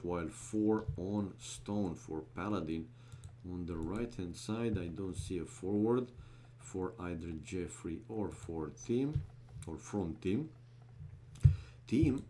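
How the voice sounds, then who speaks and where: A man with a non-native English accent, commenting a strategy game live from his gaming room in a low, mellow voice. He rambles easily, peppering his play-by-play with fillers and asides to chat. A faint hiss of noise sits under the voice. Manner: relaxed, rambling, frequent uh fillers, chuckles at chat.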